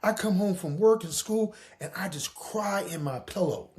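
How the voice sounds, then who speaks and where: A man's voice: high voice, moderate pace, darkish tone. A man telling a personal story as a podcast host, profane and dramatic. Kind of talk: casual storytelling monologue.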